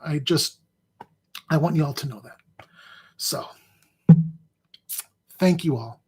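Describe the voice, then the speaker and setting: A fantasy sports analyst with a husky, fairly high voice speaks to viewers casually and from the heart, over soft background music. He rambles and halts, repeating words and restarting sentences, sounding emotional, near tears, and strained by physical pain.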